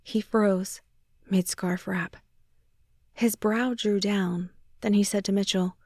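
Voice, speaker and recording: A woman's voice: medium pitch, steady tone, slow, darkish tone, dry recording, clean studio sound. A woman narrating a first-person romance audiobook in an intimate way, sometimes dropping to a whisper.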